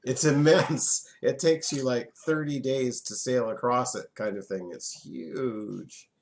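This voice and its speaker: A man's voice: medium pitch, expressive, measured pace, noisy background. A man, teaching a French class in a classroom and having students repeat words back.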